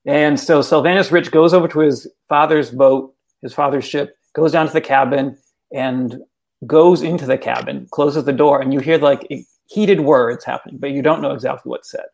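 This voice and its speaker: A man, an author and guest, telling a folk tale in casual conversation, animated and full of "like.". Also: medium pitch, moderate pace, creaky. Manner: animated, casual, many fillers like "like". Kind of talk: storytelling in conversation.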